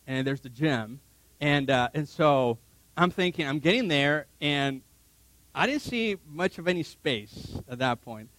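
A man's voice: sits high, a bit bright, no room sound. A man preaching a sermon, telling a funny personal story, laughing often and acting out his own reactions. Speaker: pastor.

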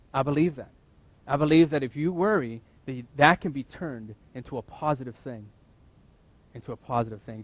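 A man preaching a sermon, repeating key phrases and now and then breaking into loud shouts. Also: medium pitch, no echo. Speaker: pastor.

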